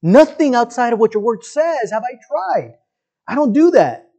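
A man doing an indignant Peter, a grown man arguing back. His protest rides high and pleading, insisting on his own righteousness. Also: sing-song, moderate pace, gravelly, dark tone, exaggerated voice.

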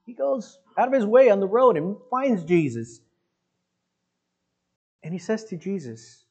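A man's voice: fairly high pitch, lively intonation, moderate pace, husky. A man preaching a sermon in an emphatic, conversational way, talking directly to his congregation. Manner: emphatic, conversational, often says "listen" and "guys". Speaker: pastor.

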